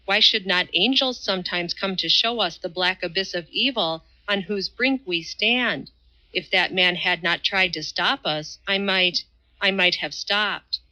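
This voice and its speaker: Audiobook role: woman reading a zealous Highland duelist, solemn and preachy, slightly low voice. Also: unhurried, pushed and bright, poor audio. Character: fierce devout Highland swordsman, grown man.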